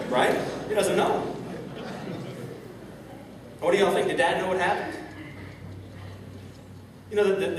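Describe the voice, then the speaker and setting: In a large event hall, a man gives an inspirational keynote as a motivational speaker, addressing the audience directly while he tells a story from his own life. His voice sits a little high, and there's background noise. The mic is distant and the hall is echoey.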